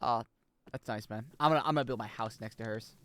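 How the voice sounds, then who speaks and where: A young man giving casual, jokey commentary as he plays a video game, swearing and breaking into loud high-pitched yells. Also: fast talker. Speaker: streamer.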